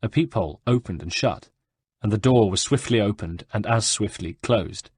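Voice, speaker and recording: A man reading an audiobook in a measured, even storytelling manner. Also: on the low side, slightly rough, dry recording, studio quality. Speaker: audiobook narrator. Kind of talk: scripted narration.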